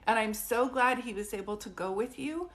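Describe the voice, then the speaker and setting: A woman's voice: fairly high pitch, normal speed. A woman psychic medium doing a casual live-stream reading, speaking in a reassuring way and often checking whether things make sense. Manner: warm, reassuring, frequently checks in with "do you know what I mean?".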